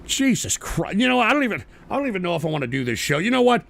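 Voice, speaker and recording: A man hosting a live-streamed political talk show, cursing and ranting at chat trolls, jumping between shouts and low grumbles. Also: very animated, rapid-fire, gravelly, dry recording.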